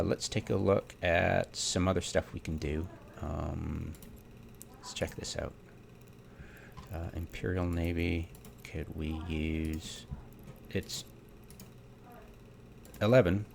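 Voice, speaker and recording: Deep and gravelly, this man vents in a casual, exasperated way over gameplay as a theorycrafter, full of rhetorical questions and frequent ums. A bit of background noise is audible.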